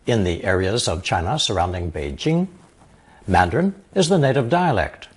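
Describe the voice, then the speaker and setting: A man teaching a recorded language lesson, explaining example phrases slowly and carefully. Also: medium pitch, slightly rough. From lives in Taiwan.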